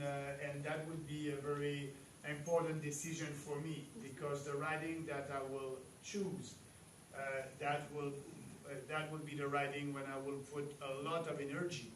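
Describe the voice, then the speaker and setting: A man with a French accent and French as his first language, giving a halting rally speech as a party leader with many pauses and emphatic rises. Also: fairly high pitch, a bit bright. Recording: echoey hall, distant mic, faint noise.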